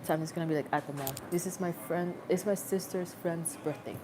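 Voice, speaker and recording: A woman's voice: fairly low pitch, fairly even intonation, fairly quick, background noise. A young adult woman rambling in a casual, self-mocking livestream chat, recorded on a phone.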